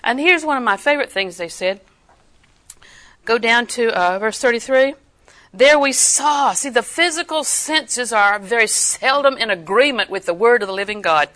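An older woman preaching a sermon, emphatic and animated, acting out the people she quotes. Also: a little high, moderate pace.

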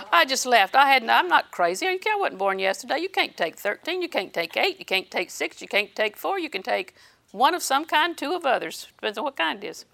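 A middle-aged woman preaching a sermon in an animated way, acting out little scenes and laughing. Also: sits high, fairly quick, gravelly.

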